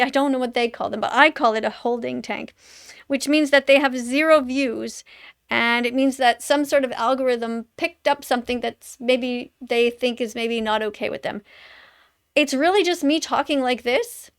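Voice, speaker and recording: A woman's voice: fairly high pitch, smooth. A woman in her fifties, a vegan activist, casually explaining her videos in a rambling, explanatory way. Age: 50s.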